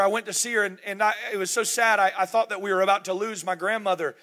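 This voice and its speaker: A man in his thirties delivers a sermon to a room full of people. His voice sits high and sounds bright and ringing. He swings between fervent, shouted calls to the congregation and quiet, halting storytelling. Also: fairly even intonation. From grew up in the United States, born in Germany. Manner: preaching with call-and-response, rising to shouts. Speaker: pastor. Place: large church room.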